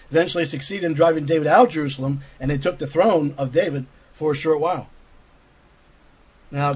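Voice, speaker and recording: A man delivers a sermon, retelling a scripture story in an earnest, explanatory way and pausing for rhetorical asides. His voice sits a little high for a man and has a husky edge. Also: darkish tone, low-quality recording. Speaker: preacher.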